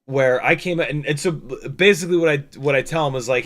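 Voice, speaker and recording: A man's voice: fairly high pitch, brisk, fairly bright tone. A man talking casually on a livestream, rambling over his footage with lots of fillers, restarts and the odd swear. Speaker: drone pilot and streamer.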